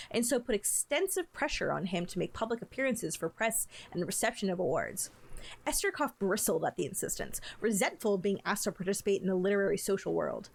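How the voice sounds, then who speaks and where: A woman streamer reading a book from a game aloud to her chat, breaking off for playful asides. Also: medium pitch.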